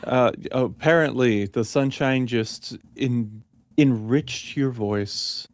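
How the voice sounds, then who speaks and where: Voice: mid-range voice, slow pace. A podcast co-host chatting casually, easygoing and joking along with a friend. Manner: easygoing, jokes and laughs along. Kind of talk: casual chat.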